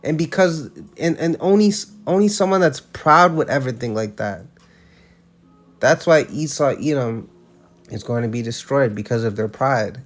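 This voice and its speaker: A man's voice: mid-range voice, moderate pace. A man giving casual religious commentary, emphatic and slangy, often restarting his sentences.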